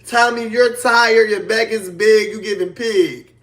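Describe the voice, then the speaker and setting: High-voiced man ranting on a livestream. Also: fairly even intonation, unhurried, fairly bright tone. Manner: trash-talking, mocking, sing-song insults. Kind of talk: casual livestream rant.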